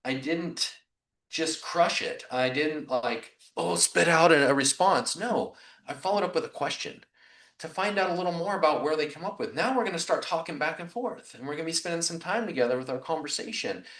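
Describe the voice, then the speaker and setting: A man's voice: on the high side, brisk, fairly bright tone, distant mic. A man teaching real estate agents in a conversational way on a video call, acting out what he and clients say. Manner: conversational, acts out client dialogue. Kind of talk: coaching talk on a video call. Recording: roomy echo, a little off the mic.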